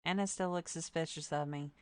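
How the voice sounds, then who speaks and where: A woman streamer reading a dark story game aloud in a plain storytelling voice, breaking off for wry asides. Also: deep voice, fairly even intonation, a little fast, no room sound.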